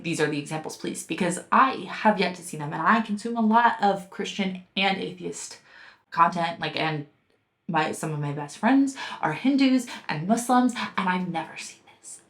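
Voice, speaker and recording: A woman's voice: fairly low pitch, moderate pace, creaky. A young woman reviewing a book in casual commentary, heated and sarcastic, swearing often. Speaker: book reviewer and podcast host.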